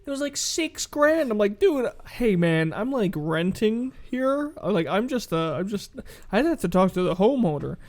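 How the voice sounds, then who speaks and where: A man's voice: high-pitched, normal speed. A man co-hosting a podcast, telling a story in casual chat, acting out what people said and swearing freely. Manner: animated, acts out quoted dialogue, swears freely. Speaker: podcast co-host.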